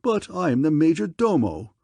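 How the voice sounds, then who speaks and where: A man's voice: mid-range voice, expressive, moderate pace, dark tone, breathy edge, no echo. A man voicing a haughty, officious male major domo of a palace. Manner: haughty, clipped.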